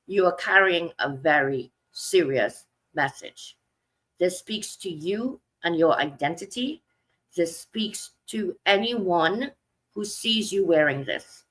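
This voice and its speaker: A woman's voice: on the low side, bright, forceful tone, rough recording. A woman hosting a live online book show, talking in an upbeat, earnest, emphatic way over a video call.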